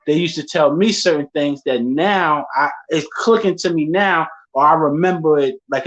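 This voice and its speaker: A man hosting a casual talk, speaking in laid-back street slang and telling stories from his life. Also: a little high. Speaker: podcast host. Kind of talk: casual chat. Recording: dull lo-fi sound.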